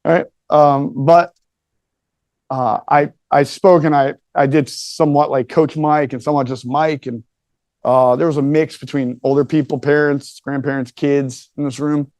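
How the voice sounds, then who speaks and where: A man's voice: on the high side, steady tone, moderate pace, darkish tone, no room sound. A man telling a casual, joking story to a live audience, chatty and profane, and talking back to the room.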